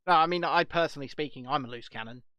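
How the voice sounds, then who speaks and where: British male co-host, high-pitched, animated storyteller, dry close sound. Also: fast talker, clean tone, no room sound, lo-fi sound. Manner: animated, laughs at own stories. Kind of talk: casual chat.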